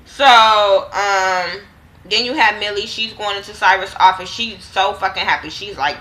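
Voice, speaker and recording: A woman's voice: mid-range voice, unhurried, pushed and bright, low-quality recording. A woman casually recapping a TV drama episode with slang and profanity, acting out the characters' lines in quotes. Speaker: TV show reviewer.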